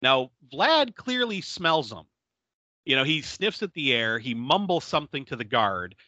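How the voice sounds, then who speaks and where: A man on a podcast, recapping a bad movie in casual chat. His voice is bright and fairly high, and it swings widely as he laughs and acts out the characters. The sound is dry and slightly dull. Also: unhurried, no echo. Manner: laughing often, animated retelling with quoted voices. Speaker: podcast co-host.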